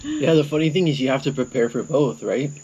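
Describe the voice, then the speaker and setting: A man chatting in a relaxed, playful way as a travel vlogger, recorded outdoors on an action camera. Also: medium pitch, a little fast, highs cut off, slight background noise. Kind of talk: casual chat. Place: outdoors in a rural mountain garden.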